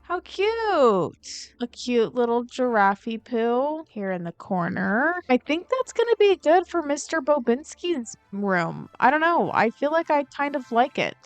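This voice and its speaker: A woman's voice: sits high, animated, unhurried, hardly any pauses, no room sound, faint music behind. A woman vlogger giving casual gameplay commentary, chatty and thinking aloud with frequent filler words. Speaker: game building vlogger.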